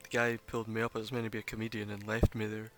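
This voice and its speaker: A man's voice: fairly low pitch, completely flat delivery, rapid-fire, a bit bright. A man who runs a tabletop game, chatting casually during a break and telling a rambling story with plenty of swearing. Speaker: game master.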